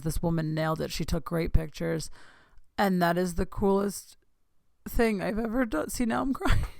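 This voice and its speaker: A young woman hosting a podcast, telling a long excited story in casual chat, gushing and saying "like" a lot. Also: fairly low pitch, creaky, smooth, no room sound, studio quality. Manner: gushing, excitable, says "like" often. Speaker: podcast host.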